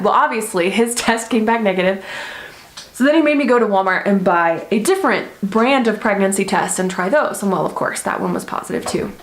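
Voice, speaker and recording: A woman's voice: medium pitch, normal speed. Young woman telling a story in an echoey room. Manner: chatty, rambling, lots of "like" and "um". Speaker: vlogger. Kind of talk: casual storytelling vlog.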